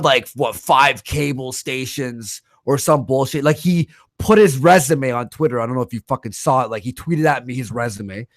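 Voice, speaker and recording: A man hosting a casual livestream, talking fast and heatedly and swearing often as he rants. His voice sits at an ordinary middle pitch. The sound is close and dry, with no room around it. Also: no room sound. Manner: animated, profane, quick to rant. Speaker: livestream host.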